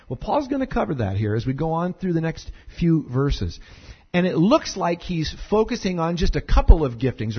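Animated husky-voiced male pastor. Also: on the high side, lo-fi sound. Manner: conversational, animated, many fillers and repeated words. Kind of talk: sermon.

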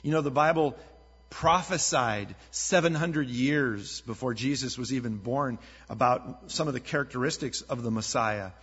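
A man's voice: medium pitch, moderate pace, a bit bright, breathy edge. A man preaching a sermon as a pastor, talking in a conversational, earnest way and telling stories with energy. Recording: dull lo-fi sound with long hall reverb.

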